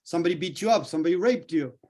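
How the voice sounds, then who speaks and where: A middle-aged man coaching a group in a lively way, acting out little dialogues as he explains. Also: on the high side, very fast. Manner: animated, acts out little dialogues. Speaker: healing coach.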